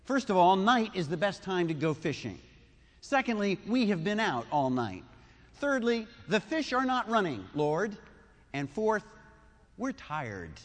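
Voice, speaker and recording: A man's voice: high voice, very animated, a little slow. A man preaching a sermon who voices a tired, exasperated fisherman, wryly listing his grievances in an echoey hall. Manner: wry, listing grievances point by point.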